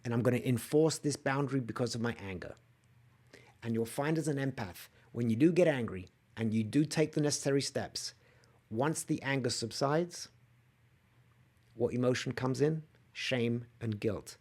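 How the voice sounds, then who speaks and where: A man hosting a solo coaching podcast, talking straight to listeners and acting out angry quoted outbursts with lively emphasis. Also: medium pitch, moderate pace. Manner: animated, acts out quoted outbursts, asks listeners to comment. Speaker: podcast host and empath coach. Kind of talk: solo motivational podcast talk.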